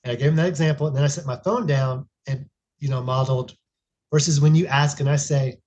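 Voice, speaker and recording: A man's voice: medium pitch, fairly even intonation, fast, darkish tone. A man in his thirties, a podcast guest, telling a family story in an earnest, reflective way with frequent restarts. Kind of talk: casual conversational storytelling.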